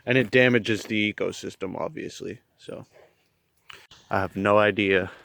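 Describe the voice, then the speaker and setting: A man's voice: fairly low pitch, steady tone, normal speed, vocal fry, a bit bright. A young man narrating a hike for his vlog in a rambling, plain-spoken way, with the odd swear word, recorded outdoors on a camera he carries along. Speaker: outdoor vlogger. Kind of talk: casual hiking narration. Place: outdoors on a trail.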